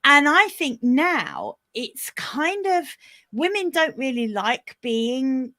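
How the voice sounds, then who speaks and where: A middle-aged woman with a British accent talks in a relaxed, chatty way. Her voice is bright and forceful and sits a little high. She keeps acting out everyday phrases as she explains them. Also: slow pace. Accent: British English. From England. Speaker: guest. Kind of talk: casual chat.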